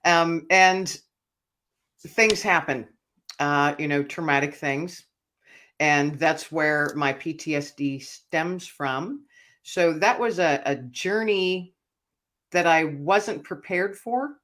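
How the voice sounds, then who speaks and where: A woman, an author and speaker, telling her personal story as an interview guest in an earnest, reflective way that often drops quiet. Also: low voice, takes it slowly.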